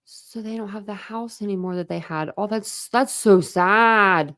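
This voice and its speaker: A woman's voice: mid-range voice, normal speed, a little mellow. A woman from Ohio hosting a casual livestream chat, talking in a chatty, rambling way with many fillers. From Ohio, USA. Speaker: livestream host.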